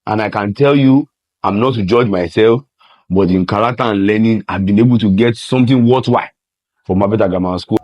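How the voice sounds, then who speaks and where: A man's voice: fairly low pitch, brisk, a little mellow, dry recording. A man, a university lecturer speaking earnestly in an interview. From Nigeria. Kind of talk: interview testimony. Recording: dull lo-fi sound.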